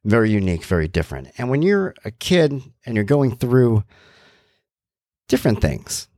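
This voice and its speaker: A man's voice: medium pitch, very animated, moderate pace, mellow, no echo, studio quality. A middle-aged man hosting a podcast, talking candidly in a rambling monologue with jokey asides. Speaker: podcast host.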